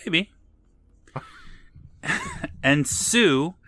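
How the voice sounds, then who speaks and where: A man's voice: mid-range voice, lively intonation, normal speed, sharp tone, no room sound. A man co-hosting a podcast, recapping a TV episode in casual, joking chat with some swearing. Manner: swearing, laughing, retelling scenes. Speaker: podcast co-host.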